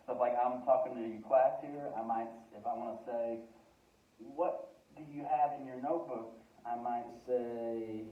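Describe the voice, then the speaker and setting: A man's voice: medium pitch, fairly even intonation, normal speed. A man teaching a Spanish lesson in a classroom, chatty and joking, switching between English and Spanish. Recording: tinny, echoey from far off.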